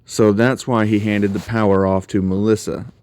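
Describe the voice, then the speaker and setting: A man's voice: fairly low pitch, flat delivery, moderate pace, darkish tone. A man casually retelling a fan story in a rambling, conversational way, full of fillers.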